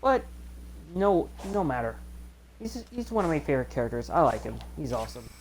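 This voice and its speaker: A woman giving casual game commentary as a video host, chatty and excitable, with rambling asides. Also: sits low, a little fast, a little hiss or hum.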